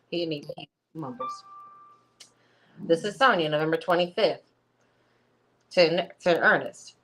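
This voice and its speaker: A woman's voice: low-pitched, moderate pace, pauses often. Woman giving wry, casual asides. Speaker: comic reader. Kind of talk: comic dramatic reading with asides.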